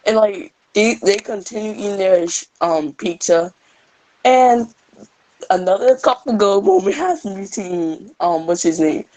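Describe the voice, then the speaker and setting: A woman's voice: mid-range voice, lively intonation, a little slow, a little mellow, low-quality recording. A young woman casually improvising a fan story, rambling with many fillers.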